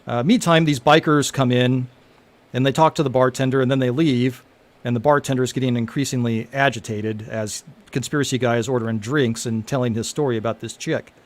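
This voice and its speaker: Brief: man reading his own screenplay aloud to friends, halting, chatty, full of fillers. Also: medium pitch, fairly even intonation. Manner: halting, laughing, many fillers. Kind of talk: casual script reading to friends.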